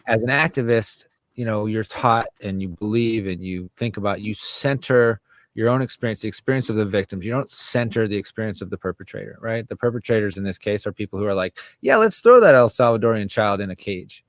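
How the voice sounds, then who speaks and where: An American man, a writer and musician appearing as an interview guest, talks in a fairly low, slightly fast voice recorded at studio quality with no echo. He's casual, animated and impassioned, swearing freely and imitating other people's voices.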